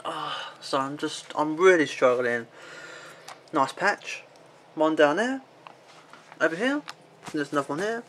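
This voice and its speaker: A man's voice: a little high, expressive, unhurried, pauses often, a bit bright, a little hiss or hum. A man in his twenties with a rambling, filler-heavy way of talking, casually showing off an item in a home vlog and swearing at his pet now and then. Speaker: vlogger. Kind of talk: casual show-and-tell vlog.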